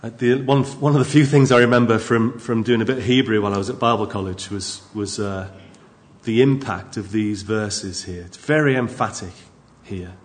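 A man preaching a sermon into a microphone in a church, emphatic and lively, with asides to the congregation. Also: lowish voice, moderate pace.

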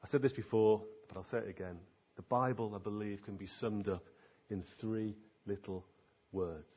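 A man's voice: fairly low pitch, steady tone, normal speed, slightly rough. A man preaching a sermon in an earnest, emphatic way, asking his listeners rhetorical questions. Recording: dull lo-fi recording.

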